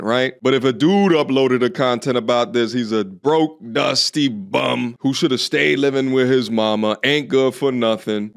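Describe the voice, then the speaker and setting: A man giving blunt, scornful reaction commentary in slangy, casual speech. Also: medium pitch.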